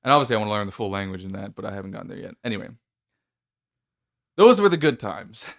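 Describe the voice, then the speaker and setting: A man's voice: lowish voice, sing-song, fast, creaky, no room sound, studio quality. A male podcast host telling a story in casual chat, nervous and rambling, with many restarts and a voice that cracks.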